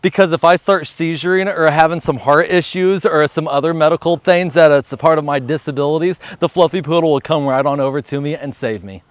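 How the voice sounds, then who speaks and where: A man's voice: fairly high pitch, fairly quick, hardly any pauses, dry recording. A man filming a casual dog-training vlog outdoors in a marsh or field, chatty and upbeat, calling out commands and praise to his dog.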